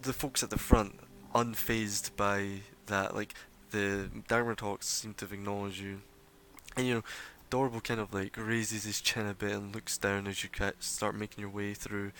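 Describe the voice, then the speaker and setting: Man, game master, narrating tabletop scene, filler-heavy, lowish pitch, bright edge, faint noise. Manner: rambling with many fillers.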